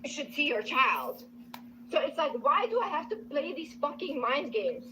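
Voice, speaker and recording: A woman's voice: high voice, very animated, normal speed, pushed and bright. A woman in a played clip, venting to her audience in a frustrated, swearing rant. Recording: dull clip audio with faint noise.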